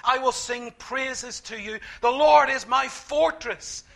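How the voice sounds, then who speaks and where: High, bright-voiced preacher man. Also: slow pace, vocal fry. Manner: emphatic, repeats key phrases, swings from quiet to loud. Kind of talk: sermon.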